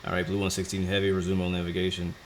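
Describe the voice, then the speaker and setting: A young man giving relaxed, chatty commentary while streaming a flight sim game, laughing easily. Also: sits low, rapid-fire, a little hiss or hum. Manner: laid-back, chatty, laughs often. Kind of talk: casual gameplay commentary.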